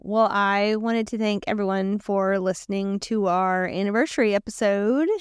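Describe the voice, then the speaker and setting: A woman co-hosts a podcast in a chatty, giggly way and leans on plenty of fillers. Her voice is smooth and clear at an ordinary middle pitch. The close mic sounds dry. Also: fairly even intonation, moderate pace, no room sound. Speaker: podcast co-host. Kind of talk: casual podcast chat.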